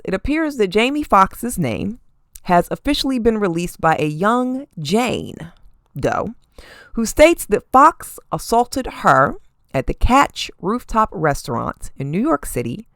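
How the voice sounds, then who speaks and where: A woman hosting a podcast, giving sassy, animated celebrity gossip commentary and often tossing in "okay?" asides. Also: mid-range voice, measured pace, no room sound, clean studio sound. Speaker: podcast host.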